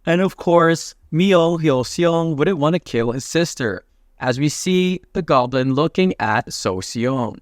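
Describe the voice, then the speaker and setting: A man narrating a comic recap in a casual, jokey play-by-play with quick asides. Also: fairly high pitch, expressive, dry recording, clean studio sound.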